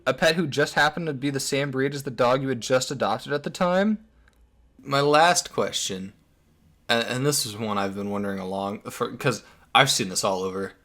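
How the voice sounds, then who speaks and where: Man, commentary video, sarcastic, foul-mouthed, mid-pitched voice. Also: moderate pace, fairly bright tone. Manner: sarcastic, crude, lots of swearing. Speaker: online drama commentator.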